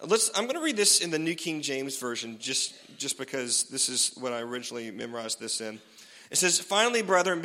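Bright-voiced pastor preaching in a hall. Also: male voice, fairly high pitch. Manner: conversational, self-deprecating, laughs often. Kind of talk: sermon.

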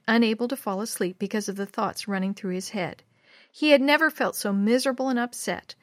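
Woman narrator, storybook reading, measured, expressive, dry sound. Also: a little high, no room sound.

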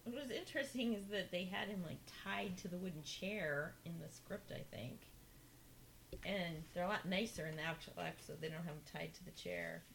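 Gravelly-voiced woman in casual chat. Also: lowish voice, fairly bright tone, slight background noise, poor audio. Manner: measured, gives opinions and compares script to episode. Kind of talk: casual chat about a TV episode.

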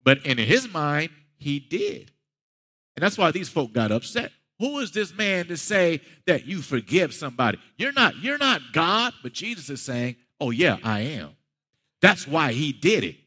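A man's voice: fairly high pitch, big pitch swings, unhurried, sharp tone, long reverb tail. A man preaching a sermon as a pastor, talking conversationally and building to emphatic peaks.

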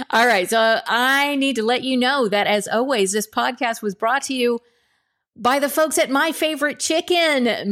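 A woman hosting her own podcast, talking casually and chattily, often laughing and checking in with "okay?". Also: on the high side. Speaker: podcast host. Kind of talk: casual solo podcast talk.

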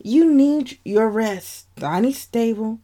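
A woman voicing a calm, reassuring male doctor at a hospital bedside. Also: on the high side, slow pace.

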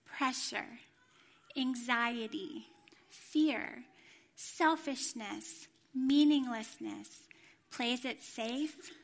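A middle-aged woman giving a sermon in a church, telling a personal story in an animated way and acting out the voices she quotes. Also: fairly high pitch. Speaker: former children's ministry director, church speaker.

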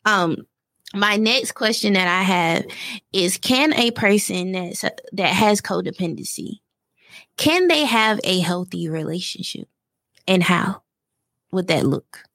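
A woman's voice: medium pitch, expressive, slow pace, fairly bright tone, no echo. Candid woman host, dry close sound. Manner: open, candid, chatty. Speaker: podcast host. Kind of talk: casual podcast interview.

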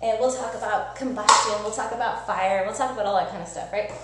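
A woman science educator giving a lively live-streamed teaching demo, chatty and upbeat, often checking in with "right?". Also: mid-range voice, fast talker. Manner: energetic, chatty, asks listeners "right?". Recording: echoey room with faint hum.

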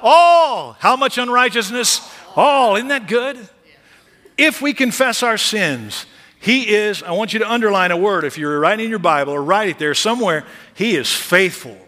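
A male pastor preaching a sermon, moving from quiet asides to loud, emphatic peaks. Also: high-pitched, animated, moderate pace, long reverb tail.

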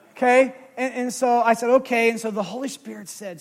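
A man's voice: very high-pitched, brisk. A man preaching a sermon, telling a story and quoting scripture with growing fervor. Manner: animated, rises to loud fervent scripture quoting.

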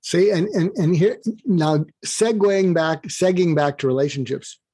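A man's voice: on the high side, unhurried, breathy edge, no echo. An older man guest on an interview, explaining advice animatedly and acting out bits of dialogue. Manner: animated, acts out quoted dialogue. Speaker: guest author.

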